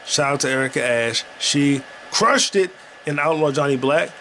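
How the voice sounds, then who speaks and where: A man's voice: fairly high pitch, normal speed, a bit bright, a little hiss or hum. A man hosting a podcast, chatting casually and profanely while he plays a video game. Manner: rambling, profane, jokey. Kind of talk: casual gaming commentary.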